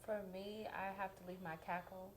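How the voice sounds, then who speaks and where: A woman's voice: medium pitch, level tone, fairly quick, a little hiss or hum. A young adult woman speaking frankly on a panel, conversational, acting out what others say to her. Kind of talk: candid panel discussion.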